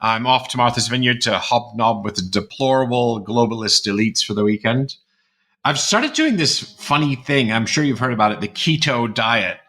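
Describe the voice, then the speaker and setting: A podcast host in his fifties rambles chattily through a closing monologue, shifting between accents as he goes. His mid-range voice is animated, bright and forceful, delivered at normal speed.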